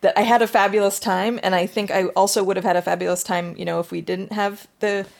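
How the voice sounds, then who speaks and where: An adult woman telling stories in a casual group discussion, with lively asides. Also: medium pitch, quick pace, gravelly. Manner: chatty storytelling, lively asides. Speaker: discussion participant.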